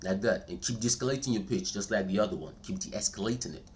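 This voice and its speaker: A man's voice: lowish voice, a little mellow, slight background noise. A man giving a casual spoken tutorial, chatty and repetitive, calling listeners "bro" and checking in with "all right?". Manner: slows down and speaks steadily when demonstrating. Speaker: voice coach vlogger.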